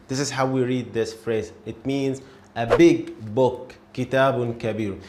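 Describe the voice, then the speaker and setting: A man teaching a beginner language lesson, speaking slowly and patiently, sounding out syllables and repeating words so learners can follow. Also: medium pitch, steady tone, darkish tone, roomy sound. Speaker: Arabic teacher.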